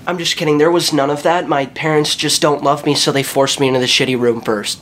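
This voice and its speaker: Animated, profane young man telling a story. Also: fairly high pitch, brisk, slight background noise. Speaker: vlogger. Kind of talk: casual story time.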